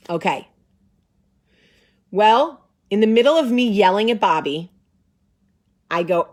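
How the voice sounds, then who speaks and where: A woman in her forties, the host, telling a story in a lively, sarcastic way and acting out the voices of the people in it. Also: medium pitch, normal speed. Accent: New Jersey. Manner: animated, sarcastic, acts out voices. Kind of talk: casual storytelling.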